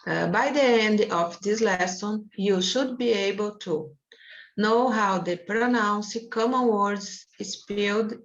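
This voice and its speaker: Woman, slow halting reading, muffled call audio. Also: mid-range voice. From Brazil. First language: Portuguese. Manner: hesitant, halting reading with restarts. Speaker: student. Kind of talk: reading aloud in class.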